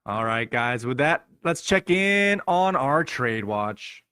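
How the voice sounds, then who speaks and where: A man's voice: medium pitch, sing-song, slow, noisy background. A man hosting a fantasy football podcast, giving a jokey, chatty recap and addressing his listeners as guys. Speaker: podcast host.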